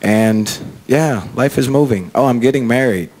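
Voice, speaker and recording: A man on a panel, talking with halting pauses and fillers. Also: medium pitch, a little mellow. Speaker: panel guest. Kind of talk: casual panel talk.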